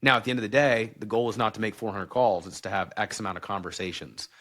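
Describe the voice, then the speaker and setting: A man's voice: on the low side, steady tone, fast talker, a bit bright. A man guesting on a podcast, speaking candidly and bluntly in a casual way, full of "like".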